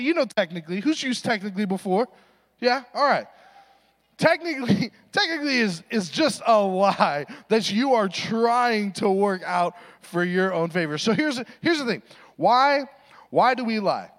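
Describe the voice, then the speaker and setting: A young adult man giving a sermon, telling a funny story and acting out voices in a self-deprecating way. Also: high voice. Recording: reverberant hall recording.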